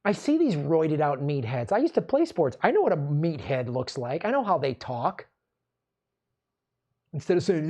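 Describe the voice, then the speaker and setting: A man's voice: on the high side, animated, normal speed, mellow. A man hosting a political commentary show, ranting in an angry, sarcastic and profane way.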